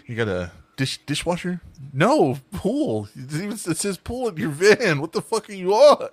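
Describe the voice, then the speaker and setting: A man's voice: high voice, sing-song, moderate pace. A man co-hosting a casual reaction show, swearing freely and laughing a lot as he jokes. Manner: loud, swearing, laughs often. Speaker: co-host reacting to a video. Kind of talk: casual profane banter.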